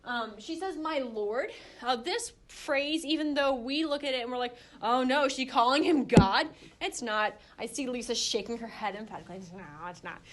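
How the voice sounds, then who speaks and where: A young woman leading a casual Bible study, chatty and animated, acting out quotes and using lots of fillers. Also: fairly high pitch, normal speed, hardly any pauses, a little hiss or hum.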